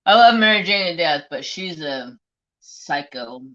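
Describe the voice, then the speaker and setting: A middle-aged woman chats with her live viewers, spinning a long, blunt story full of swearing. Her voice sits a little low but rings bright and forceful. The stream audio is dull and lo-fi. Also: animated, unhurried. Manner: blunt, profane, rambling storyteller. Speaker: livestream host. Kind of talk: casual storytelling to a live chat.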